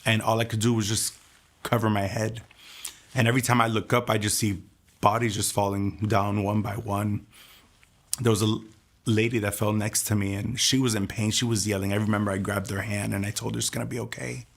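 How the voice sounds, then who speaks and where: A man telling his personal testimony in an earnest, soft-spoken way. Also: fairly low pitch, level tone, normal speed. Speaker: testimony speaker.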